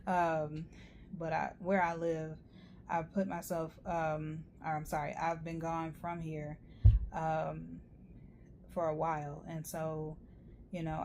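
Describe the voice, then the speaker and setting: A woman's voice: sits low, level tone, slow, darkish tone, a little hiss or hum. A woman giving a rambling, chatty tarot reading, full of fillers and asides. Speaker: tarot reader. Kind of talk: casual tarot reading monologue.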